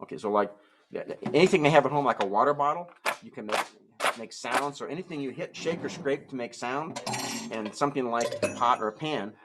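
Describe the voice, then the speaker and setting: A man's voice: mid-range voice, brisk, heavy background noise. A man performing a comic ventriloquist act, talking to his puppets in playful, stammering children's show patter. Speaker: musical ventriloquist.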